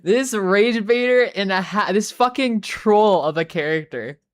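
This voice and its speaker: Greeting her viewers on a live stream, this woman chats casually in a rambling, profane style thick with fillers. She has a mid-range voice and an unhurried delivery.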